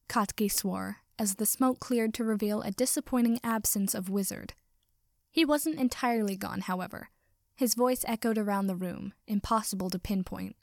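A woman reading a story aloud with wry, even storytelling. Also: medium pitch, moderate pace, vocal fry, no echo, clean studio sound. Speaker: reader. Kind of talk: fan fiction reading.

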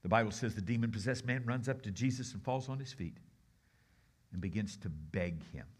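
A man giving a sermon as a guest preacher, telling the story in a conversational, expressive way and swinging between loud and hushed delivery. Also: lowish voice, a little fast, breathy edge.

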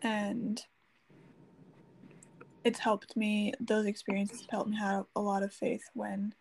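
A woman hosting a faith podcast, speaking in a calm, reflective and affirming way. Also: mid-range voice, slow pace, gravelly, poor audio. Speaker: podcast host. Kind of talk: casual faith podcast chat.

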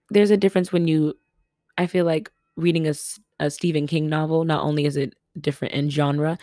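A young woman from Los Angeles hosting a casual solo podcast from her family home, chatty and quick to laugh and exclaim. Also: deep voice, mellow, no room sound, clean studio sound. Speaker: podcast host.

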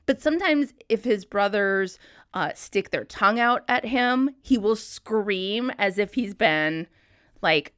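A woman's voice: medium pitch, animated, slow pace, a bit bright, no room sound, studio quality. A woman in her thirties hosting a podcast, rambling in casual chat, swearing freely and laughing often. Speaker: podcast host.

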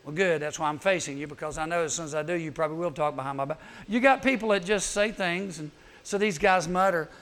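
A man, a youth camp speaker, giving a humorous sermon. He is animated, acts out quick voices and adds teasing asides. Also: on the high side.

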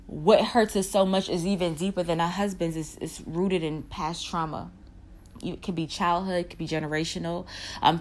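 A young woman speaking earnestly to other wives about surrendering to God and prayer, repeating her phrases and bursting into excitement. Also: fairly low pitch. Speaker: Christian women's marriage speaker. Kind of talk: faith talk with guided prayer.

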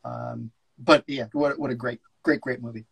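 A man co-hosting a podcast in casual chat, enthusiastic and a little halting. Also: mid-range voice, fairly even intonation, creaky, a bit bright, husky, rough recording. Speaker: podcast co-host.

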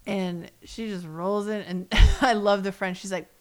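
A woman co-hosting a podcast, chatting casually and animatedly, dropping into hushed asides. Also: medium pitch, unhurried, smooth. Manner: animated, drops into hushed asides and mock voices. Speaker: podcast co-host. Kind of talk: casual chat recapping a reality show.

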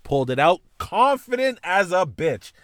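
A man's voice: high-pitched, normal speed, no echo, clean studio sound. A man hosting a podcast, telling a childhood story in a casual, profane way. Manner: animated, profane, voices his teacher and mom in retelling. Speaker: podcast host.

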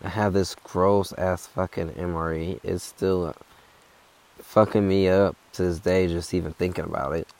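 A man's voice: sits low, little pitch movement, measured pace, a little mellow. A young man telling a hiking story in a laid-back, rambling, profane way. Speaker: hiker. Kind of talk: casual storytelling.

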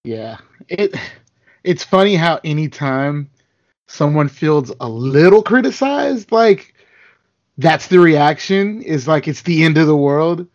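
A man's voice: on the high side, expressive, takes it slowly, highs cut off. A man co-hosting a casual chat, mostly agreeing with short replies. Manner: agreeable, brief backchannels. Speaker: podcast co-host.

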